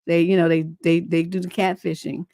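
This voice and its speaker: A woman's voice: fairly low pitch, little pitch movement, brisk, dark tone, dry recording, clean studio sound. A middle-aged woman hosting a relationship advice livestream, talking in a blunt, profane, rambling way full of fillers, and reading viewer letters aloud. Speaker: relationship coach and livestream host.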